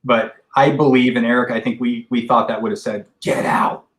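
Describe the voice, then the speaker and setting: A man's voice: mid-range voice, steady tone, brisk. Echoey-voiced man explaining at length. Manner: rambling, explains with restarts. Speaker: paranormal investigator guest. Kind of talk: casual podcast discussion.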